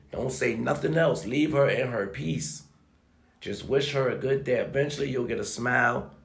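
A man's voice: medium pitch, creaky. A man giving a profane, preachy motivational rant, talking emphatically and swearing often. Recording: echoey room.

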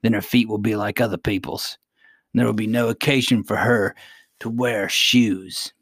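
A man's voice: lowish voice, steady tone, normal speed, fairly bright tone, no echo, studio quality. A man reading aloud and voicing a cruel, spoiled young goblin prince with a gleeful manner.

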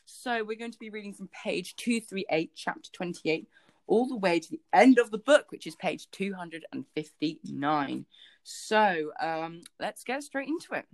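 A woman's voice: mid-range voice, expressive, moderate pace, no room sound. A woman co-hosting a book podcast, chatting casually and rambling with lots of fillers. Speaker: podcast co-host.

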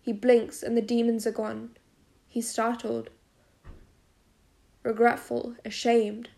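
A woman narrating a first-person novel as an audiobook, in a steady storytelling manner. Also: fairly high pitch, takes it slowly, gravelly.

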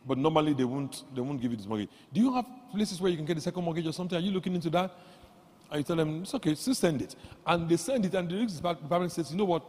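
Man preaching a sermon, bit high and husky, swings from quiet to loud, long church reverb. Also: racing. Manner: animated, jumps from low asides to loud exclamations; leads the congregation in call-and-response reading.

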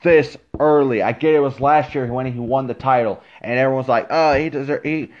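A man's voice: mid-range voice, a little fast. Guy ranting about wrestling on his phone, worked up, lots of likes and ums, kinda muffled lo-fi sound. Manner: excitable, frustrated, full of fillers and restarts. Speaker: wrestling fan commentator. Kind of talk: casual opinion rant. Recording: dull lo-fi phone recording.

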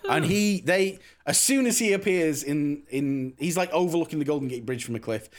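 A man's voice: a little high, lively intonation, moderate pace. A man leading a casual comedic podcast chat, rambling through a story, swearing freely and laughing as he talks. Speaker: podcast co-host recapping a film.

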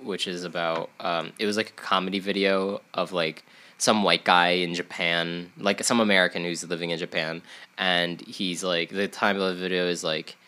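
A young man co-hosting a casual podcast, his nose stuffed up. He rambles along with lots of "like"s and restarts, and his voice sits a little low but sounds bright and forceful. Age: young adult. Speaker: podcast co-host. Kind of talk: casual chat.

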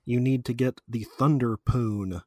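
A man's voice: mid-range voice, a little slow, a little mellow, dry recording, clean studio sound. A man chatting casually about a video game, rambling with lots of fillers and frequent laughs. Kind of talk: casual chat.

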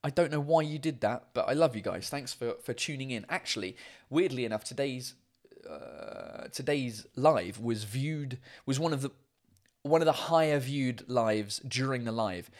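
A man hosting a casual live show from home on a microphone, chatty and rambling with lots of fillers, excitable and casually swearing. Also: medium pitch, normal speed. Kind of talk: casual chat.

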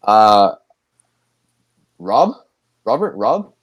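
A man's voice: lowish voice, very animated, extremely slow, breathy edge, no room sound, highs cut off. A young man hosting a podcast, chatting casually, rambling with restarts and laughing often. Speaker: podcast host. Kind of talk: casual chat.

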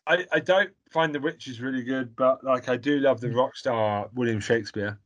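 A man's voice: medium pitch, moderate pace, a bit bright. A man in casual chat, blunt and rambling, swearing freely as he gives his opinions.

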